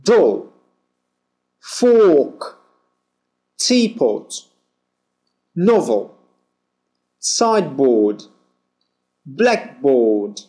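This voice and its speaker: A man teaching pronunciation, modelling words and phrases one at a time in a clear, deliberate way. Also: mid-range voice, sing-song, mellow. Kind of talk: slow drilled pronunciation lesson.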